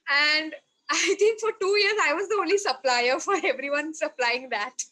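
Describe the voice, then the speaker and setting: A woman with an Indian English accent, a podcast guest telling a story in casual conversation, animated, laughing often and acting out dialogue. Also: high voice, moderate pace, low-quality recording. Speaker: podcast guest, marketing head.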